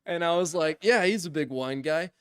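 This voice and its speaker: Brief: young male podcast co-host, slightly high voice, animated storyteller who acts out quotes, dry close mic. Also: moderate pace, smooth, no room sound. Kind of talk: casual storytelling.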